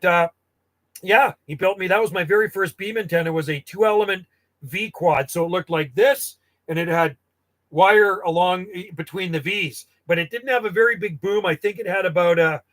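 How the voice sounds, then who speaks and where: High-voiced man in his fifties telling stories. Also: fairly bright tone. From Canada. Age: 50s. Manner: rambling, self-correcting, nostalgic. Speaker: CB radio hobbyist. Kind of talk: casual storytelling.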